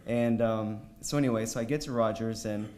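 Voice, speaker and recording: A man's voice: lowish voice, fairly even intonation, brisk, a little mellow, slight background noise. Rambling young man telling his story. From United States. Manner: rambling, many fillers and restarts. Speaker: conference panelist. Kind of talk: personal story told to a live audience.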